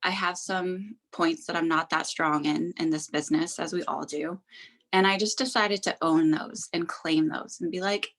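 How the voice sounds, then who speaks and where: A young woman speaking on a live call, teary and on the verge of tears. Her voice sits a little lower than most women's, and she talks in a heartfelt, effusive way, often stopping to laugh. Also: fairly even intonation, moderate pace, fairly bright tone. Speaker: guest sharing a business success story. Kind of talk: casual emotional testimony.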